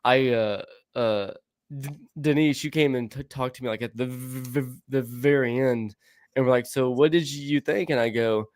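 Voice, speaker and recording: A man's voice: mid-range voice, steady tone, dry recording. Stammering man telling a story, dry sound. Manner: halting, stammering, laughs often. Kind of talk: casual storytelling.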